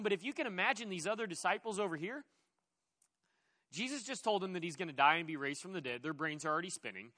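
Bright, animated male preacher. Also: high voice. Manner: animated, conversational, with playful asides. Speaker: pastor. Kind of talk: sermon.

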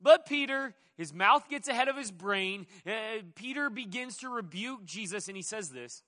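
A male pastor preaching in an animated, conversational style. His voice is high and bright, and he keeps the talk light with playful asides. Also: moderate pace. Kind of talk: sermon.

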